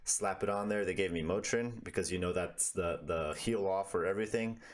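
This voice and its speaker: A man's voice: low-pitched, brisk. A man telling a story in casual, profane conversation over a video call, rambling with lots of fillers.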